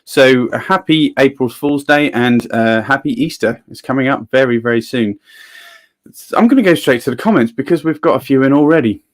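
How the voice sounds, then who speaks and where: A man's voice: medium pitch, normal speed. A man hosting a livestream in casual chat and reading viewers' comments aloud. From England. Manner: chatty, reads out viewer comments. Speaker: livestream host.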